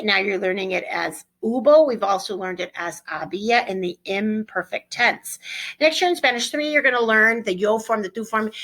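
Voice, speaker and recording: Bright-voiced woman teaching a lesson. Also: medium pitch. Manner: chatty, lively, self-correcting. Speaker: Spanish teacher. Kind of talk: classroom vocabulary lesson.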